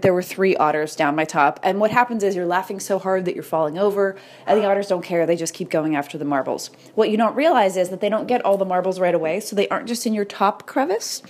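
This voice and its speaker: Animated woman telling a motivational story. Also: mid-range voice. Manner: animated, storytelling, swears casually. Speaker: creator talking to entrepreneurs and artists. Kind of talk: casual motivational monologue.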